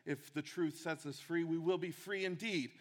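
A man's voice: a little high, steady tone, normal speed, long reverb tail. A man preaching a sermon, earnest and emphatic, repeating key phrases for weight.

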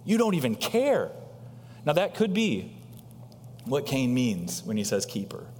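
Male pastor, mid-pitched, animated sermon delivery, hall echo. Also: unhurried, slight background noise. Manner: animated preaching with rhetorical questions and big swings in pitch.

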